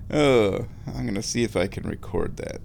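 A man hosting his own show, talking in a relaxed, rambling way while lying down and chuckling often. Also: fairly low pitch, creaky, slight background noise. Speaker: solo show host. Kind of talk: casual monologue.

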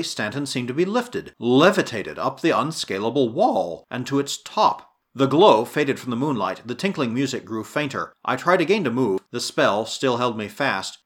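A man narrating an adventure story in a dramatic, expressive reading style. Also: medium pitch. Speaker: audiobook narrator. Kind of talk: scripted narration.

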